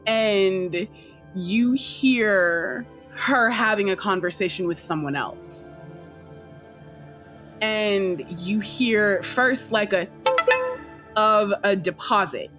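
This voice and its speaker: A woman narrating as game master, telling the story slowly and deliberately with casual slang. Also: medium pitch, fairly bright tone, faint music behind.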